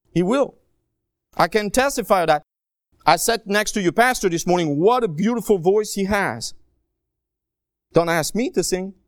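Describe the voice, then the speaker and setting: A man preaching a sermon as a guest speaker, animated and joking, swinging between quiet low asides and raised emphatic cries. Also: no echo, clean studio sound. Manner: joking, self-deprecating asides.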